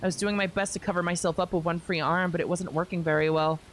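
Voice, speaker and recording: A young woman streamer reading a visual novel aloud, expressive, with wry asides. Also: lowish voice, quick pace, a little hiss or hum.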